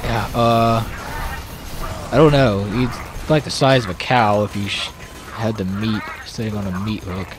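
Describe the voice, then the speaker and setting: A man's voice: fairly low pitch, fairly even intonation, measured pace, music in the background. Grumbly man narrating his gameplay. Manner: grumbly, talks back to game characters. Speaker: gaming channel host. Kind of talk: casual gameplay commentary.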